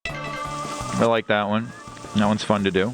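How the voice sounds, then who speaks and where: A man streaming a video game with jokey, animated banter in casual commentary. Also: fairly low pitch, takes it slowly. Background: game music.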